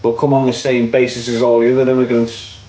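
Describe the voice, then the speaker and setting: A man's voice: medium pitch, flat delivery, fast talker, dark tone, slight background noise, poor audio. A young man with a Liverpool accent, ranting opinions on his online show in a casual, repetitive way, ending lines with "mate". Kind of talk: casual livestream rant.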